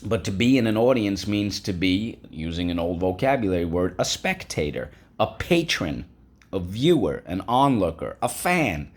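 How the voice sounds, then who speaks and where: A man with a low voice leads a classroom vocabulary lesson. He is patient and repetitive, spelling out sounds and prompting students to echo each word. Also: very animated, moderate pace. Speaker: teacher.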